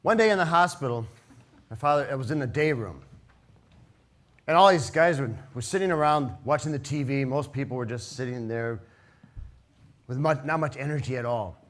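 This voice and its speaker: A man performing a live storytelling piece on a theater stage, animated and conversational, going soft for sad parts. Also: mid-range voice, moderate pace, pauses often.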